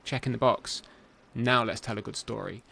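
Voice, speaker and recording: A man hosting a podcast, chatting casually and giving measured, emphatic opinions. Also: medium pitch, fairly even intonation, vocal fry, bright, forceful tone. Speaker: podcast host. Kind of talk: casual conversation.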